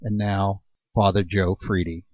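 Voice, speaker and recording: A man announcing a speaker, reading a scripted introduction in a measured, formal way. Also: deep voice, level tone. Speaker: event announcer. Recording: dull, dry recording.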